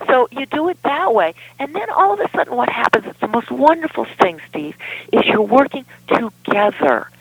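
A woman's voice: fairly high pitch, big pitch swings, normal speed, gravelly, husky, dry recording, lo-fi sound. A woman relationship expert speaking as a guest in a podcast interview, explaining in an emphatic way.

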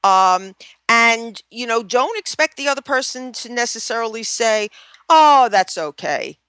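A woman's voice: fairly high pitch, normal speed, pushed and bright, smooth, no echo. Chatty therapist woman, dry close sound. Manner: chatty, acts out example phrases, many fillers like "you know". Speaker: relationship therapist guest. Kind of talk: casual podcast interview.

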